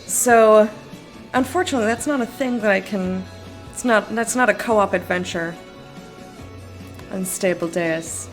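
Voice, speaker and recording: A woman's voice: medium pitch, a little slow, long pauses, soft background music. A tired woman chatting casually on a live stream, rambling, laughing often and answering her chat. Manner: giggly, rambling, reads chat aloud. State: sleepy.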